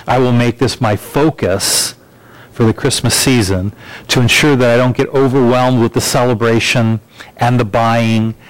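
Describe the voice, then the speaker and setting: A man preaching a sermon as pastor, measured and emphatic, building lines through repetition. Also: mid-range voice, steady tone, low-quality recording.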